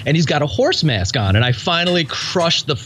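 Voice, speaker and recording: A man's voice: fairly high pitch, big pitch swings, a little fast, fairly bright tone, slight background noise. A man telling a ranting, exasperated story in casual chat.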